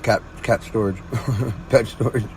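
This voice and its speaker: A man's voice: lowish voice, fairly even intonation, a little slow, noisy background. Laid-back man hosting a casual podcast. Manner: laid-back, lots of murmured agreement. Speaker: podcast host. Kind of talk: casual chat at home.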